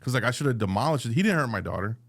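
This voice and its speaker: A man's voice: mid-range voice, rapid-fire, vocal fry. A man co-hosting a podcast, telling a profane comedic story and acting out every voice in it. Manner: profane, animated, acts out both sides of a story. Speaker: podcast co-host.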